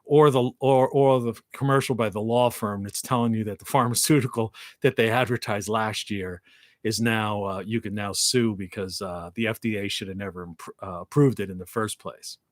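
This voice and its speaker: A man hosting a live talk show in a rambling monologue, with frequent restarts and a morning voice, clearing his throat now and then. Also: fairly low pitch, fairly even intonation, normal speed, no room sound, clean studio sound. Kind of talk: solo live-stream monologue.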